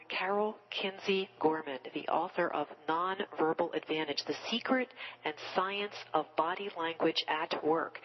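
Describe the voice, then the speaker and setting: A woman hosting a radio book show, asking measured, thoughtful questions. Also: low voice, dull audio. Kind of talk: radio interview.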